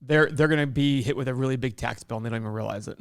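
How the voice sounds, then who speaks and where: A man co-hosting a casual podcast about real estate deals, animated and quick in banter. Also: medium pitch. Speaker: podcast co-host.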